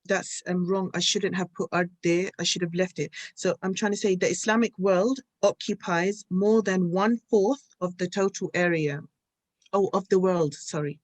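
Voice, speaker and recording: A woman's voice: lowish voice, fairly even intonation, moderate pace, no room sound. Woman student explaining her sentence kinda hesitantly, dry mic. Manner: hesitant, careful. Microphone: video call.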